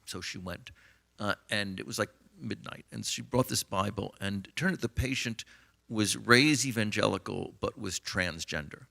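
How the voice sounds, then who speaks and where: A man's voice: fairly low pitch, normal speed, creaky, sharp tone. A middle-aged American man, an author and physician, tells anecdotes with many fillers and retold dialogue in a conversational interview.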